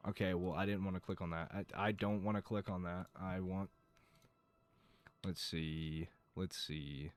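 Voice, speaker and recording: A young man from North Carolina chatting casually on a live stream, rambling, swearing and joking at his own expense. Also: deep voice. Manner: rambling, swearing, self-mocking.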